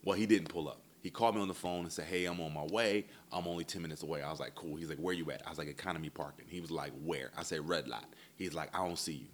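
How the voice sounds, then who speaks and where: A man with a very low voice telling a long travel mishap story in casual, profane chat, swinging between low muttering and loud exasperation. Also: fast talker, hardly any pauses, a little hiss or hum.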